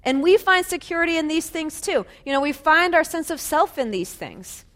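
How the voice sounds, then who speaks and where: High-voiced woman preaching casually. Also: animated, normal speed, a bit bright. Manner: conversational, asks listeners rhetorical questions; laughs lightly between phrases. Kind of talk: sermon.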